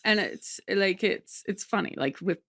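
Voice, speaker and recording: Gravelly woman telling stories. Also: medium pitch, unhurried. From Australia. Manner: lively storytelling, slips into impressions of others. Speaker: comedian guest. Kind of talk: candid podcast conversation.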